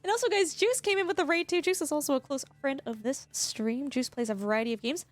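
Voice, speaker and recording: A high-pitched woman streamer chatting casually with her viewers. She talks in a bubbly, effusive way, thanking people and laughing often, with faint music playing underneath. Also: quick pace, no room sound. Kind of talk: casual chat with live viewers.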